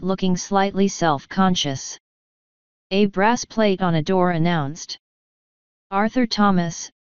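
A woman narrating an audiobook in a measured, even reading voice. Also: fairly low pitch, clean tone, no room sound. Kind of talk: scripted narration. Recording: dull lo-fi dry recording.

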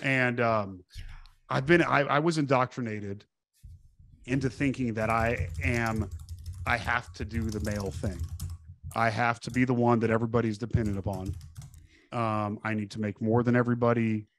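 A man's voice: medium pitch, normal speed. A middle-aged man from Texas, a podcast guest telling casual stories, swearing freely, stumbling over restarts and acting out the people he quotes. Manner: profane, animated, acts out quoted voices with restarts. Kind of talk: casual conversational storytelling.

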